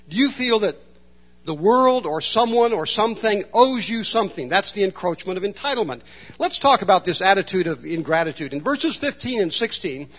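Male pastor, high voice, reflective sermon, muffled church recording. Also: a bit bright. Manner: reflective, asks the room questions. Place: church hall with a congregation.

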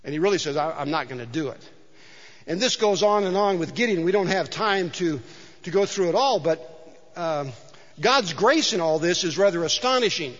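High-voiced middle-aged pastor preaching. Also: male voice, animated, normal speed, fairly bright tone. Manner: conversational, joking, with frequent restarts. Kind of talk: sermon. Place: church sanctuary. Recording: dull sound in a large reverberant hall.

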